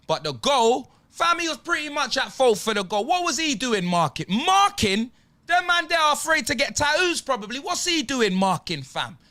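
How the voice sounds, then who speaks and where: A young-sounding man rants through his team's player ratings. His voice sits high and swings widely, bright and sharp. He is slangy and exasperated throughout. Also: sing-song, normal speed, hardly any pauses. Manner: slangy, exasperated, drops tag words like "fam" and "blood". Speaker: football fan giving player ratings. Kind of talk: animated fan rant.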